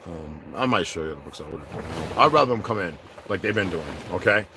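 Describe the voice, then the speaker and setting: Talking at a quick pace against a noisy background, a man hosts a casual chat with his viewers. He jokes around, laughs a lot, and now and then breaks into high, excited voices.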